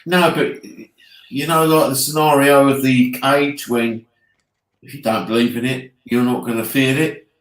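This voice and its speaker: An Essex-accented man co-hosts a casual podcast chat about hauntings, speaking earnestly and often trailing off to restart his sentences. His voice is medium-pitched and steady, unhurried, with a roomy sound.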